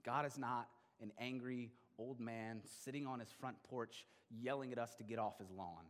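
A middle-aged male pastor delivering a sermon, swinging between loud emphatic bursts and quiet, intimate stretches. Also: medium pitch, steady tone, moderate pace. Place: church sanctuary. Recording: long hall reverb.

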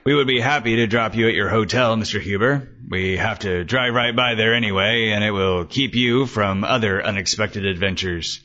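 A man reading the part of a calm, fatherly police lieutenant with a placating, easygoing manner. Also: fairly low pitch, moderate pace, hardly any pauses, slight background noise. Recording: dull lo-fi recording.

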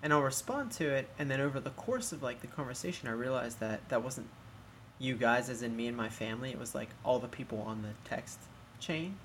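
A man in casual chat, retelling awkward exchanges in a wry, deadpan way. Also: mid-range voice, a little fast, slight background noise.

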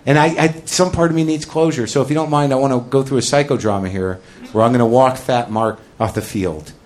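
A male stand-up comedian working through a confessional bit. His pitch sits in the ordinary middle range for a man. He rambles, mocks himself and keeps jumping into loud shouted mini-characters. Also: fairly quick. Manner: rambling, self-deprecating confessional storytelling.

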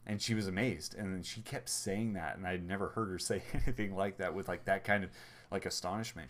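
A man's voice: low-pitched, normal speed, a bit bright. A man in his thirties, a podcast co-host, telling rambling family anecdotes in casual chat and acting out the quotes.

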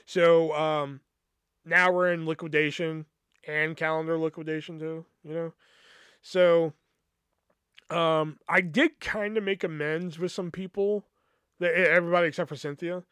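A man in a slightly high voice tells a long personal story on his podcast. He rambles and swears freely, with lots of fillers. His voice is smooth and clear, recorded close and dry. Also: fairly bright tone, dry recording. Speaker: podcast host. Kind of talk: casual storytelling.

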